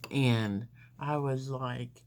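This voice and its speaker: A woman's voice: extremely low pitch, steady tone, a little mellow. A woman telling a long personal story in a casual, rambling way while she does her makeup. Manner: rambling, unhurried, with frequent fillers. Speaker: beauty vlogger.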